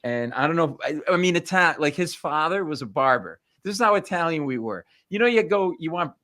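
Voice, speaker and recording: Man, comedian, animated storytelling, slightly high voice, dry close studio sound. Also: fairly quick, no room sound. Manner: animated, punchy, lots of voices. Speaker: comedian guest. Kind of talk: comic storytelling.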